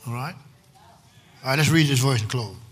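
Bright-voiced preacher man in a reverberant hall. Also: mid-range voice, husky. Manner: emphatic, calls out to the congregation, drawn-out shouted lines. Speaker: pastor. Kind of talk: sermon. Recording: long hall reverb, faint room noise.

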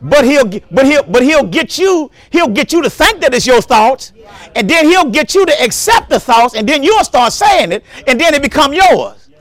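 Male pastor, high voice, lively swoops, emphatic repeated phrasing, dry sound. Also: moderate pace, no room sound. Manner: emphatic preaching, repeats words, breaks into shouts. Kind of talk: sermon.

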